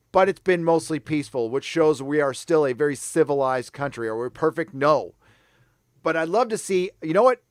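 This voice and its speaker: A man's voice: on the high side, no room sound, clean studio sound. A middle-aged man hosting a live stream, ranting angrily and swearing a lot while reading viewer comments. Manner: angry, profane, ranting. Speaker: live show host.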